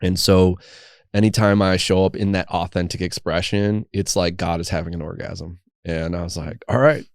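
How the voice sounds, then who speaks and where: A man's voice: deep voice, moderate pace, no echo, studio quality. A man, a guest on a podcast, telling a personal story casually with lots of laughter and swearing. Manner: animated, laughing often, profane. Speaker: podcast guest, coaching program founder.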